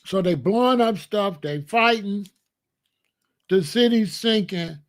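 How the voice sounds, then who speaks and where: High-voiced man ranting comedically. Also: expressive, takes it slowly. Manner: preachy, repetitive, rhetorical questions. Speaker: comedian host. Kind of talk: comedic monologue rant.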